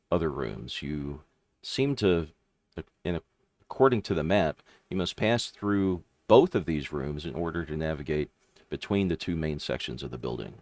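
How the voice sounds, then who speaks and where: Lively male game master. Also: low voice, no echo. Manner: lively, with frequent fillers. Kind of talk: narrating a tabletop game.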